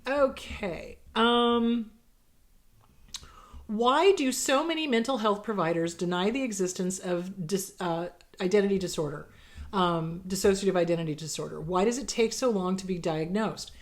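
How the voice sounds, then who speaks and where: A woman's voice: mid-range voice, moderate pace. Woman, middle-aged, therapist, blunt and emphatic, casual advice monologue. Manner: blunt, emphatic, acts out quoted exchanges. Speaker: therapist host answering viewer questions.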